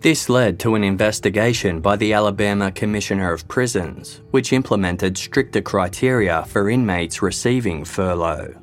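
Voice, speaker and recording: A man giving a scripted true-crime narration in a measured, even storytelling delivery. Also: on the low side, faint music behind.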